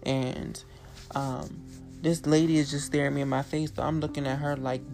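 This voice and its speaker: A woman's voice: low-pitched, fairly even intonation, unhurried, darkish tone. A young woman hosting her own podcast, telling a story in a blunt, profane, chatty way. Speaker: podcast host. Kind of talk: casual storytelling monologue. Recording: guitar music playing underneath. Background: guitar music.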